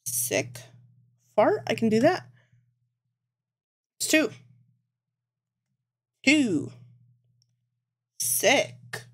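A woman's voice: a little high, sing-song, very slow, long pauses, husky. A woman live-streaming as she crochets, thinking aloud, swearing a lot and mocking herself. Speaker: livestreamer. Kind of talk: casual live-stream chat while crocheting.

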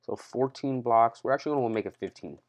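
A man's voice: mid-range voice, rapid-fire. A man hosting a casual game-building tutorial, chatty and unscripted, talking straight to his viewers and counting steps aloud. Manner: chatty, keeps addressing viewers as guys, counts blocks aloud; loose and unscripted, changes plans mid-sentence. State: out of breath after a workout. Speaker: Minecraft tutorial host. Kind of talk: casual gaming tutorial narration.

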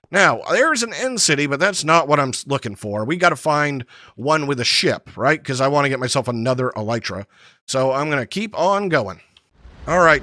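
A man giving excitable, jokey running commentary over his own block-building game, chatting to the creatures he meets. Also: sits high, no room sound. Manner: excitable, talks to the mobs he meets; frequent fillers and restarts, jokey. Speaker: gaming channel host. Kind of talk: Minecraft let's play commentary.

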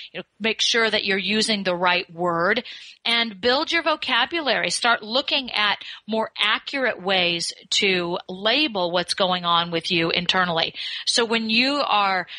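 Woman, expert guest, podcast interview, coaching tone, slows on key points, bright voice, dry close sound. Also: mid-range voice, no room sound, rough recording. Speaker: communication skills expert guest.

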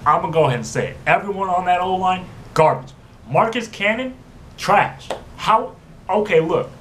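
A man's voice: high-pitched, animated, normal speed, a bit bright, low-quality recording. A young man ranting heatedly about his football team, swearing constantly and repeating his filler phrases. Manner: profane, heated, repeats "you know what I'm saying". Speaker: sports fan vlogger. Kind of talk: angry fan rant. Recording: faint background noise.

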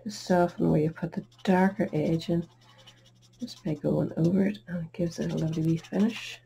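A woman's voice: fairly low pitch, steady tone, normal speed, vocal fry, mellow, a little hiss or hum. A middle-aged woman hosting a card-making tutorial, chatty and self-deprecating as she works at her craft table. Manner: chatty, self-deprecating, talks while working.

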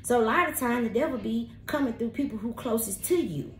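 A woman's voice: a little high, lively intonation, a little fast. Woman tarot reader, blunt and cussing, straight to camera; echoey room, slight noise. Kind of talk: spirited tarot reading monologue. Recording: roomy echo with faint background noise.

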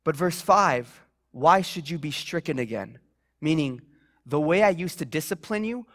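Chatty young male preacher, higher voice. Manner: chatty, self-deprecating storytelling with many fillers. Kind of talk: sermon. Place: church.

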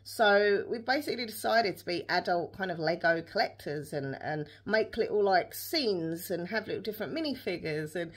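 Vlogger: young woman, slightly low voice, rambling casual chat to camera. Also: expressive, moderate pace, few pauses. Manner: chatty, rambling, with many fillers and restarts. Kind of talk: casual day-in-the-life vlog chat.

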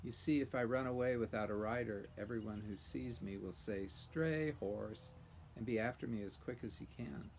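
Storybook warhorse, male, proud and scornful, gravelly, as a male reader puts him on. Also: lowish voice, moderate pace, a little hiss or hum. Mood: persuasive. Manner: lofty, scornful, then gently patient. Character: proud talking male warhorse, haughty but kindly.

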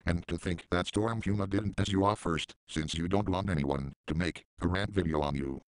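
Deadpan sarcastic man, very deep voice. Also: normal speed, dry recording. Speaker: commentary channel host. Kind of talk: mocking commentary.

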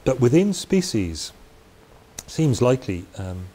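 A man's voice: medium pitch, very animated, slow pace, warm tone. A man giving a Bible teaching talk in a conversational way, with chatty asides and restarts. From Wales. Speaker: preacher. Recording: faint hiss.

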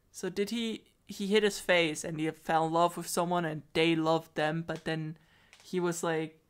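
A woman's voice: low-pitched, fairly even intonation, moderate pace, clear, resonant tone. A woman commenting casually on a story game, with blunt swearing asides. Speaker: let's player.

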